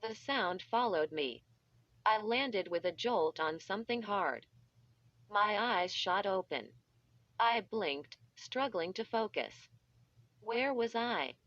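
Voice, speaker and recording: A woman's voice: medium pitch, expressive, takes it slowly, a bit bright, no echo. A synthetic-sounding woman reading a children's horror story aloud, reading the text literally and spelling out letters. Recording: dull lo-fi.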